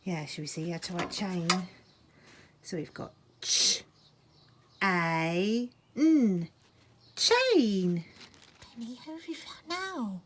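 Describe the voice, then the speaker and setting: Slow, lively-pitched woman teaching phonics. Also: slight background noise. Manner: animated, exaggerated exclamations, drops to a hush at times. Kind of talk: children's phonics lesson.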